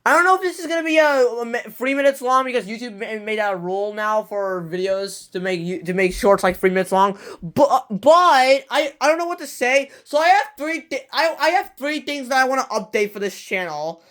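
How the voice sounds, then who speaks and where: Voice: mid-range voice, a bit bright, clear, resonant tone. Rambling teen vlogger full of restarts. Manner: rambling, many restarts and self-corrections; breathless rush, trailing off with fillers. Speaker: channel creator giving an update. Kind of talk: casual rambling vlog talk.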